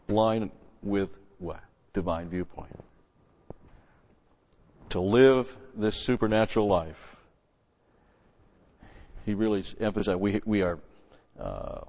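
A man teaching through Bible verses as a pastor, punching key words loudly and then dropping into quick, quieter asides. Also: lowish voice. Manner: emphatic, swells loud on scripture then drops to asides. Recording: lo-fi recording with long hall reverb.

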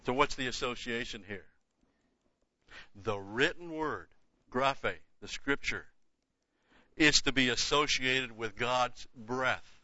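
A man's voice: mid-range voice, takes it slowly, long pauses, sharp tone, no echo. An older man giving a Bible teaching lecture, emphatic, repeating key words and dropping casual asides. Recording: dull lo-fi dry recording.

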